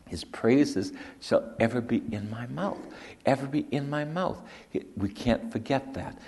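A man preaching a sermon, slow and repetitive, who drops to hushed whispers for emphasis. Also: medium pitch, creaky, long reverb tail.

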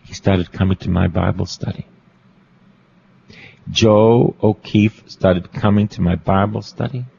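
낮고 거친 목소리의 남자 신부, 설교 중. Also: male voice, low-pitched, steady tone, a little slow, vocal fry, darkish tone, muffled recording, slight background noise. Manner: repeats phrases for emphasis, asks the listeners questions. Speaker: Catholic priest. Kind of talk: storytelling sermon.

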